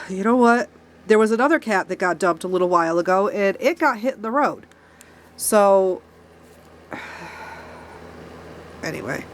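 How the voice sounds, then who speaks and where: Animated yet unhurried, this medium-pitched woman leaves long pauses as she rants angrily to camera. She's a rabbit-keeping vlogger with a cold-stuffed nose, speaking casually in her rabbit barn near her pets and remarking on her own angry tone.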